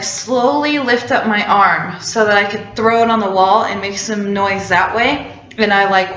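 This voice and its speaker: A woman's voice: medium pitch, a bit bright, slight background noise. A young woman telling a personal story casually, chatty and full of "like" fillers. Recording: roomy, slightly dull recording.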